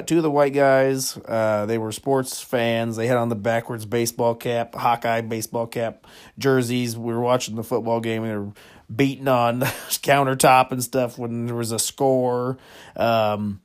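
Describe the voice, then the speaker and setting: Telling comedic stories on his podcast, a male host with a middle-pitched, clean-sounding voice rambles, chuckles often and packs his sentences with little pauses.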